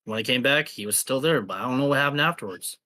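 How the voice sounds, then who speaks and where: A man playing a tabletop role-playing game, calmly denying things in character. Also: medium pitch, quick pace. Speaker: player.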